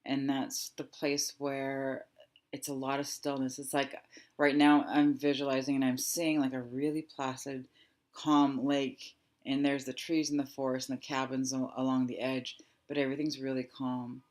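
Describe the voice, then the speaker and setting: A woman in her thirties giving a guided reflective talk as a wellness coach, speaking softly and slowly with thoughtful pauses. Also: rumbling low, level tone. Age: 30s. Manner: soft, slow and reflective, with pauses.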